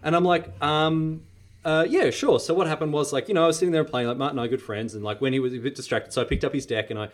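A man on a casual podcast, telling a story in an animated way and acting out the quotes. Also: quick pace. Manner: animated storyteller, acts out quotes with big pitch jumps.

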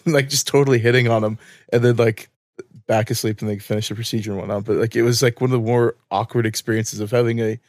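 Casting: male podcast co-host, animated storyteller, dry close sound. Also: medium pitch, fast, dry recording. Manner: animated storyteller, acts out voices, laughs often. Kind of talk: casual chat, storytelling.

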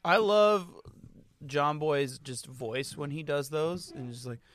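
A man's voice: on the high side, slow, fairly bright tone, no echo. Young male sports podcast co-host, blunt and profane, recorded dry. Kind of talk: casual sports chat.

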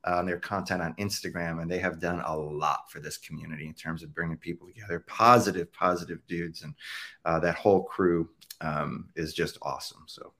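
Low-voiced enthusiastic male guest. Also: flat delivery, brisk, fairly bright tone. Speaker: podcast guest. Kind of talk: casual chat.

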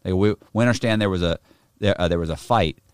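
A man casually telling a rough story, swearing a lot and acting out the other people in it. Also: low-pitched, fast talker, no room sound, clean studio sound. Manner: profane, animated, acts out other people's voices. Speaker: guest telling a prison story.

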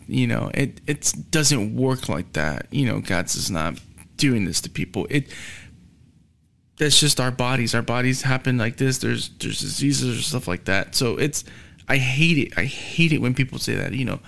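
A man talking casually about his faith in a calm, matter-of-fact way. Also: mid-range voice, moderate pace, vocal fry.

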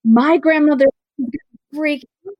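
A woman's voice: high-pitched, no echo, dull audio. Outspoken young American woman, dry sound. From United States. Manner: animated, outspoken, fast-talking with many "like"s. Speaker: guest. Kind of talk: casual conversation.

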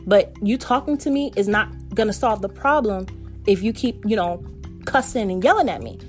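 A woman's voice: medium pitch, expressive, moderate pace, soft background music. A woman vlogger telling an earnest devotional story and calling her viewers family. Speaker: faith vlogger.

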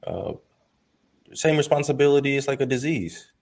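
A man's voice: mid-range voice, lively intonation, normal speed, gravelly, darkish tone. A man co-hosting a casual talk, speaking earnestly and acting out quoted conversations. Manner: earnest, tells stories with quoted dialogue. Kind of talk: casual chat.

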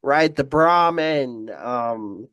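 Host: man, congested, unhurried, stop-start casual delivery. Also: mid-range voice, animated, fairly bright tone, smooth, no echo. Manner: halting, repeats words, many fillers. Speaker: podcast host. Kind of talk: casual live-stream chat.

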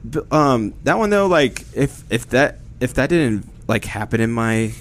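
A man's voice: mid-range voice, very animated, measured pace. A young man co-hosting a stream in casual banter, playful and giggly. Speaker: stream co-host.

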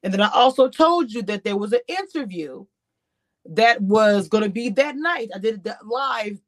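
A woman giving chatty, animated reality-TV commentary on a livestream, talking straight to her chat. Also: fairly high pitch, moderate pace, no room sound. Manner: grows exasperated and incredulous. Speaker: YouTube commentator.

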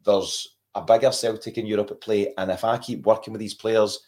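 A man hosts a relaxed podcast chat about football. He talks at a brisk clip in a fairly low voice and keeps the talk moving with questions. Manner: quick, animated, asks questions. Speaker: podcast host.

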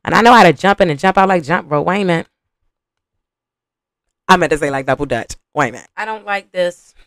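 This podcast host, a young adult woman, reacts to a reality show with casual swearing and lots of energy, talking directly to viewers she calls "y'all." She speaks a little fast in a lower register, and there's no echo.

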